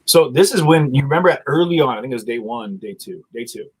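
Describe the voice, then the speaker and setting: A man's voice: mid-range voice, animated, fast talker, slightly rough, low-quality recording. A man hosting a casual online chat, rambling and retelling his own exchanges with many restarts. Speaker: host.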